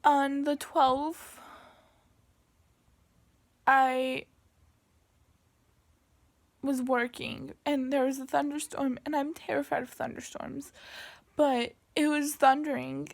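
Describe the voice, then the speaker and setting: Speaking to camera, a young woman recounts a painful personal story slowly and haltingly, with many pauses and restarts. Her voice is high-pitched and creaky, with little pitch movement.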